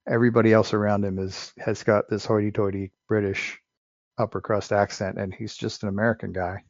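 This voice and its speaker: A man's voice: lowish voice, level tone, a little fast, no echo, muffled recording. A man co-hosting a podcast, giving frank, opinionated views on an old film, often restarting his sentences. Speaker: podcast co-host. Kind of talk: casual film discussion.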